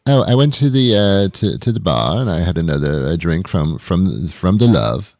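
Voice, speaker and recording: A man's voice: low voice, expressive, moderate pace, no echo, studio quality. A man putting on a British accent to voice a chummy, stammering bar regular. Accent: British (put on). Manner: bumbling, stammering, raised and bright.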